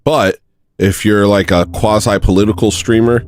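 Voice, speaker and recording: Low-voiced rambling comic streamer man. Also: steady tone, normal speed. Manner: rambling, joking, self-mocking. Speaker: livestream host. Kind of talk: comedic livestream monologue.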